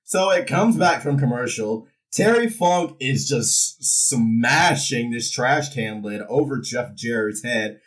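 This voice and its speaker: A man's voice: medium pitch, slow pace, few pauses, far from the mic, rough recording. A man casually recapping a wrestling show, jokingly acting out the wrestlers' lines. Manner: animated, jokey, acts out wrestlers' lines. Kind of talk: casual recap with comic impressions.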